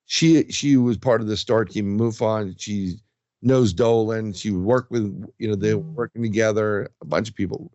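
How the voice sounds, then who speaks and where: Speaking at normal speed in a fairly low voice, a paranormal investigator tells his stories during a relaxed interview, animatedly performing other people's quotes. The recording has no echo but sounds muffled.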